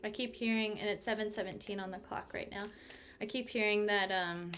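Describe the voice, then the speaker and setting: A woman's voice: medium pitch, fairly even intonation, fairly quick, fairly bright tone, soft background music. A woman giving a casual tarot reading, bubbly and effusive, laughing often. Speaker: tarot reader.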